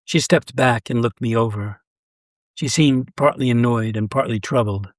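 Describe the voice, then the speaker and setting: Guy narrating a short story, steady and measured, mid-pitched, really dry close sound. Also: dry recording. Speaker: story reader.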